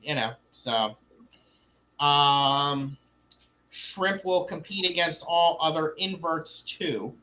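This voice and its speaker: A man's voice: a little high, slow, sharp tone, dull audio, a little hiss or hum. A man hosting a livestream, chatting casually and rambling with many fillers and restarts. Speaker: livestream host. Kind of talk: casual chat.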